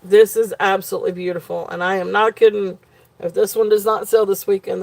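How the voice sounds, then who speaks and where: A woman's voice: medium pitch, level tone, brisk, vocal fry, a little mellow. A woman at home hosting a live jewelry sale, gushing over each piece with many ums. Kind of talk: live auction selling.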